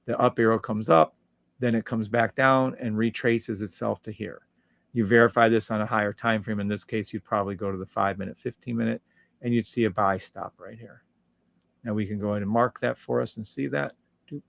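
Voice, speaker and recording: Gravelly man humming over live charts. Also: mid-range voice, no room sound. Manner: hums and scats while scrolling charts; upbeat and salesy, reads out viewer comments. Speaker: host of a live trading stream. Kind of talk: casual live-stream chart walkthrough.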